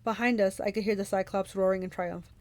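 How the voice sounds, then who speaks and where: A woman reading a novel aloud for a book club, in steady first-person narration. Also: mid-range voice, a little fast, no room sound.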